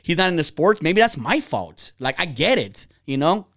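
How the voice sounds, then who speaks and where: A man hosts a casual podcast, his voice sitting a little high for a man. He talks bluntly and swears often, getting heated and animated as he tells his stories. The sound is close and dry, with no room echo. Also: normal speed. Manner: profane, blunt storytelling. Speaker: podcast host. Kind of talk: casual chat.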